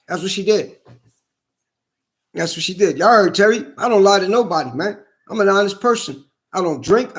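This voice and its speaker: A man gives a heated, indignant vlog monologue, an angry personal rant in which he repeats himself and swears often. His voice sits high and is a bit bright.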